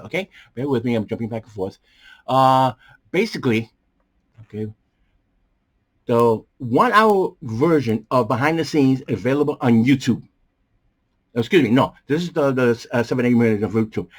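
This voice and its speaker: A man hosts a movie review show, talking in a rambling, animated way. His voice is strained, with coughs breaking through, and he restarts his sentences often. He talks from a small bedroom studio. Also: mid-range voice. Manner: animated, jumps around, many fillers and restarts. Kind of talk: casual rambling commentary.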